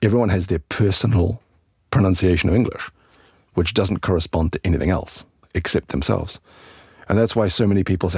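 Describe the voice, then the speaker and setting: A man hosting a podcast lesson as an English teacher, explaining in a relaxed, chatty way with asides to the listener. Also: deep voice, fairly quick, gravelly, slightly rough, no room sound, clean studio sound.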